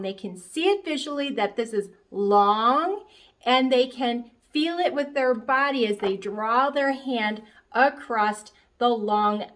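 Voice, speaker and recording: A woman's voice: fairly high pitch, a bit bright. A woman music teacher explaining a rhythm activity for young children, chanting short and long beats as she demonstrates. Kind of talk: instructional explanation.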